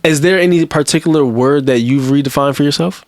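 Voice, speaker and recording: A man's voice: fairly high pitch, brisk. A man hosting a casual podcast interview, easygoing and joking as he asks questions. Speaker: podcast host.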